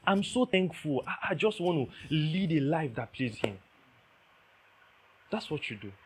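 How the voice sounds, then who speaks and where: A man's voice: fairly high pitch, big pitch swings, measured pace, noisy background. A man preaching a sermon, emphatic, repeating key phrases and checking that listeners understand.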